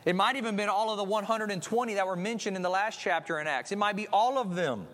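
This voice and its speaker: A man's voice: sits high, quick pace, fairly bright tone. A man preaching a conversational sermon, chatty and tossing in tag questions and restarts as he goes. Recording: long hall reverb.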